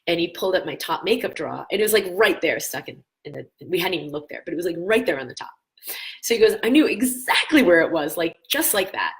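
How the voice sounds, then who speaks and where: Female host, 30s, lowish voice, animated and encouraging coaching talk. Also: creaky, poor audio. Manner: animated storyteller, acts out quoted voices; earnest, encouraging, answers viewer questions. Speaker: wellness show host. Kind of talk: spiritual coaching talk with personal story.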